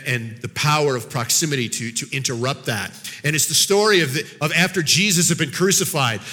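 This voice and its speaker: A man giving a sermon as a guest speaker, telling a Bible story in an animated way, acting out the characters' voices and often repeating words as he goes. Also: a little high, big-room sound.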